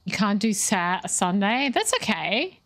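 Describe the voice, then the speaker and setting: A woman's voice: medium pitch, very animated, a little slow, a bit bright. Woman streaming a ghost game. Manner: reactive, thinks aloud, questions the ghost. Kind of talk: live gameplay commentary.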